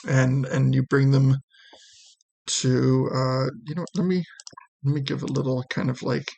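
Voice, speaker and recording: A man running a tabletop role-playing game as game master, describing scenes in a hesitant, halting way with many restarts. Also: mid-range voice, level tone, vocal fry, darkish tone, slightly rough.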